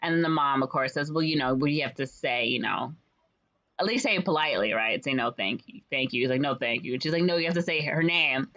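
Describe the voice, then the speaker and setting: A woman casually retelling a story's plot in a rambling way, full of fillers and quick quoted voices. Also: very deep voice, fairly bright tone. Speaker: podcast co-host retelling a musical's plot. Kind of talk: casual chat. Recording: slightly dull lo-fi audio.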